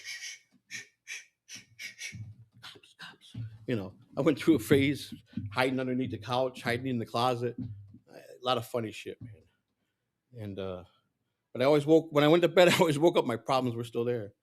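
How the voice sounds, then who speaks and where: A middle-aged man telling personal stories in a candid, rambling way, acting out the voices of people he quotes. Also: mid-range voice. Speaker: political candidate. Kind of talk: casual storytelling monologue.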